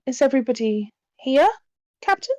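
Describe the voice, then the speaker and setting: A woman voicing a demure young spirit medium who is polite and a little unsettling, speaking softly and courteously with small hesitations. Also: high voice, very animated, normal speed, no echo, voice pushed up. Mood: gracious.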